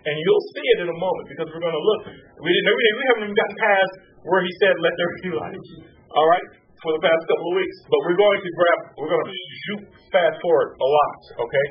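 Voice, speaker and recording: A man preaching a sermon, swinging from high exclamations down to low hushed tones. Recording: distant mic, muffled sound, faint hum.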